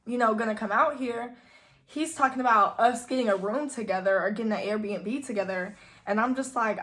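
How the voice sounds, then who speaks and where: A woman's voice: mid-range voice, fairly bright tone. A young woman telling a casual storytime, chatty and full of "like,". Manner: chatty, heavy use of "like". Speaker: vlogger.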